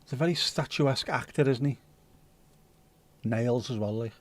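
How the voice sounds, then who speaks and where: Casual guy hosting a live stream, reads chat out loud, wanders off topic, swears a bit, middle pitch. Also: normal speed. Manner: rambling, chatty, occasional swearing. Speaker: livestream host. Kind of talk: casual chat reading viewer comments.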